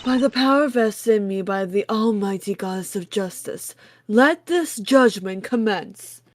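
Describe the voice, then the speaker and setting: A woman's voice: mid-range voice, a little hiss or hum, lightly acted. A woman reading as a stern formal judge. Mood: imperious. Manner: formal, measured, dramatic. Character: stern formal female judge-prosecutor, imperious. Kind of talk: reading game dialogue aloud on a stream.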